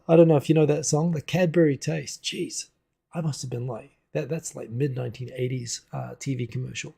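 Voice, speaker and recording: A man's voice: mid-range voice, steady tone, a little fast, creaky, warm tone, husky. A man from New Zealand hosting a casual livestream at home on a desk microphone, chatting loosely and answering viewer comments as they come in. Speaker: livestream host. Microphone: desk USB microphone.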